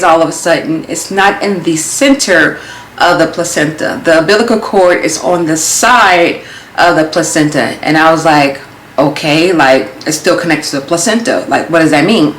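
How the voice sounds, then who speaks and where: A young adult woman telling a story in a casual vlog, animated and acting out her own thoughts as she goes. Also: fairly low pitch, moderate pace, slight background noise. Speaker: vlogger. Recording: roomy echo.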